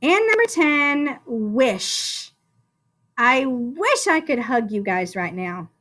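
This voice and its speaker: A woman leads a phonics lesson for young children, stretching out each sound as she spells words aloud. Her voice is bright and fairly high, and it swoops up and down in an encouraging, sing-song way. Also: very animated. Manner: slow, drawn-out sounding out of words. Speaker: first-grade teacher.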